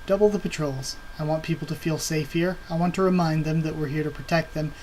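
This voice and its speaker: A man's voice: fairly high pitch, fairly even intonation, brisk, darkish tone, slight background noise, natural voice, low-quality recording. A man reading as a cold controlling woman leader. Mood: commanding.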